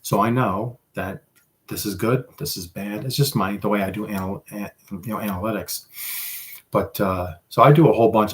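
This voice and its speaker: A man hosting a casual livestream, chatting with viewers in a rambling, self-deprecating way. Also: fairly low pitch. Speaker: livestream host.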